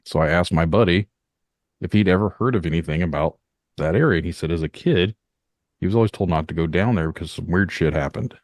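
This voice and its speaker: A man's voice: low voice, a little fast, dry recording, studio quality. A man from Northern Indiana, hosting a podcast in a rambling, talkative way. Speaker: podcast host. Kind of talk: casual podcast chat.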